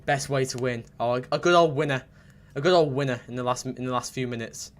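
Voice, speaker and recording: A man's voice: mid-range voice, fast. A young man commentating live on a football match for his stream, reading out chat messages and repeating himself as he talks. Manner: excitable, repetitive, bursts into shouts at big moments. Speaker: fan livestream commentator.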